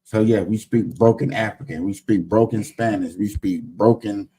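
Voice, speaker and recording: A man's voice: lowish voice, husky. A man hosting a casual reaction show, joking and drawing out his words for emphasis. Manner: loud, joking, drawn-out emphasis. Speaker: commentary show host.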